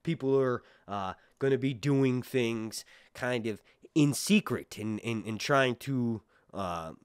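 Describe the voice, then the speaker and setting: A man's voice: medium pitch, takes it slowly, smooth, dry recording, studio quality. A man giving casual, rambling commentary as a show reviewer, full of fillers and restarts. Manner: rambling, many fillers and restarts, animated bursts.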